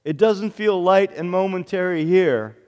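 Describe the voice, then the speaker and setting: A male pastor with a high-pitched, slightly mellow voice delivers an earnest sermon at an unhurried pace, often repeating phrases for emphasis. A long hall reverb surrounds the recording.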